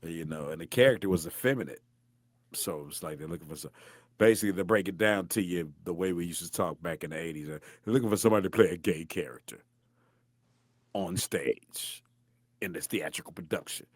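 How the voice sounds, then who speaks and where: A middle-aged man from St. Louis with a deep voice, telling animated stories as a guest voice actor in a casual interview. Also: brisk, no room sound. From St. Louis, USA. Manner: animated, acts out voices in anecdotes.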